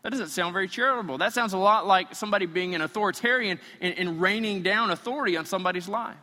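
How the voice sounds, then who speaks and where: A pastor preaching in a relaxed, conversational way to his church, now and then slipping into imagined voices. His voice is a little high and bright. It rings with the long reverb of a large hall. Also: quick pace. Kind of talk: sermon.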